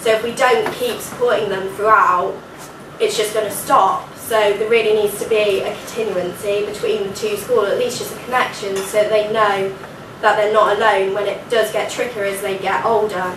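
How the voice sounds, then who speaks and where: A woman's voice: medium pitch, steady tone, moderate pace, background noise. Nasal young woman presenting in a hall. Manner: earnest, informal fillers like "like" and "so". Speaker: student presenter. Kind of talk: academic conference presentation. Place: university lecture hall. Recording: echoey hall recording from far off.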